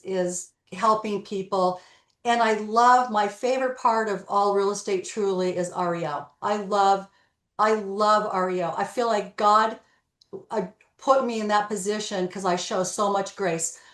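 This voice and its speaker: Animated storytelling woman, echoey room. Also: medium pitch, a little slow. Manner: animated storyteller, acts out dialogue. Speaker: guest, real estate broker. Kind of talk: storytelling interview.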